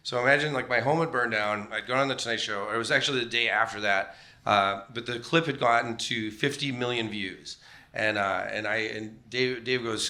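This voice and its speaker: A middle-aged man tells rambling, self-deprecating stories on a comedy club stage. His voice is bright and clear at a mid pitch, and he slips into animated voices whenever he quotes someone. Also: moderate pace. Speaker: comedian guest. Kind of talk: on-stage comedic storytelling interview.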